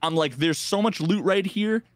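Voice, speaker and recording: A man on a podcast, telling a gaming story in a loose, excited way with lots of filler and swearing. His voice sits a little high for a man, and he jumps into quick voices for the other players. The mic is close and dry, with no room sound. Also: dry recording. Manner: animated, quotes people in lively voices, swears freely. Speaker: podcast co-host.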